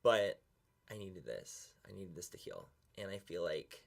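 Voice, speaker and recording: A man's voice: low voice, very animated, a little slow, vocal fry. A young man talking earnestly and emotionally to camera in a confessional vlog, close to tears and swearing casually. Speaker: beauty vlogger.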